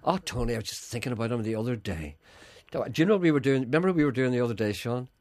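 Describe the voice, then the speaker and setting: Brief: male radio host, excitable and joking, very animated pitch, dry close mic. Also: very fast, dry recording. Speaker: radio presenter. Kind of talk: casual radio banter. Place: radio studio.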